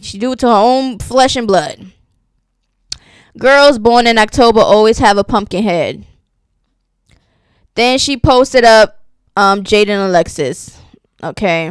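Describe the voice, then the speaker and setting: A woman's voice: on the high side, clean tone, no room sound, studio quality. A woman giving sassy, casual gossip commentary, reading posts aloud and reacting to them. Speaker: commentary channel host.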